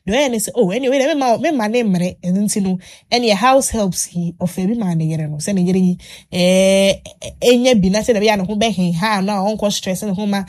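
A woman hosts a casual chat and tells a long story, animated and full of restarts. She fills her pauses with little sounds as she goes. Her voice sits in an ordinary middle pitch. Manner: animated retelling with many fillers and restarts.

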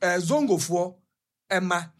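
Ghanaian woman on the radio, husky voice, mixing twi and english, lively storyteller. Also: on the low side, slow. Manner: animated storytelling, code-switching.

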